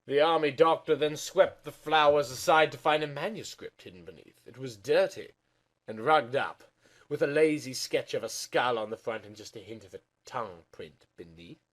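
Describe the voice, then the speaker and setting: A man's voice: medium pitch, normal speed, a bit bright. A man giving a comic dramatic reading as the channel host, with an over-the-top, melodramatic delivery.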